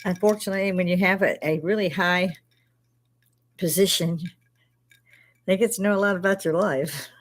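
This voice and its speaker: A woman's voice: lowish voice, a little slow, long pauses. An older woman hosting a casual live stream chat, rambling and outspoken, swearing freely as she talks.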